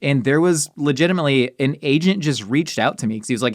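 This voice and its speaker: A man hosts a podcast with a mid-pitched voice, joking wryly and poking fun at himself in easy conversation. The sound is dry and close to the mic. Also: animated, quick pace, dry recording. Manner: wry, joking, self-deprecating. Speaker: podcast host. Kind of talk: casual podcast chat.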